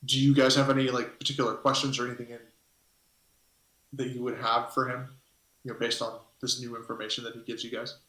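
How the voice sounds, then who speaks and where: A man's voice: mid-range voice, level tone, a little fast, sharp tone. A man narrating a tabletop game as game master, rambling and hesitant as he thinks aloud. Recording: echoey room.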